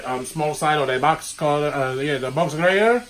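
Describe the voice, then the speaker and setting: A man's voice: on the high side, moderate pace, a crowd in the background, low-quality recording. Hyped New man hosting cooking vlog. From Brooklyn, New York. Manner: hyped, jokey, riffing wisecracks. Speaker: cooking show host. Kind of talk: playful cooking vlog banter. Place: home kitchen.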